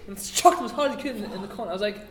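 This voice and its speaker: Bloke joking around, high bright voice, echoey. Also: male voice, very fast. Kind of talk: improvised comedy banter.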